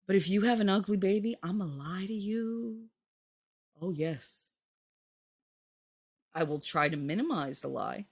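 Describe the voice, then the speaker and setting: Lively, blunt, joking woman host. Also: measured pace, long pauses, husky, no echo. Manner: blunt, joking, swears freely; animated, swoops into squeaky high pitches. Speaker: channel host reading a book with commentary. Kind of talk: casual chatty commentary.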